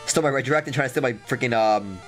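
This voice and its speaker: A young man giving excitable, trash-talking game commentary as a let's play host, repeating his lines. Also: mid-range voice, racing, faint music behind.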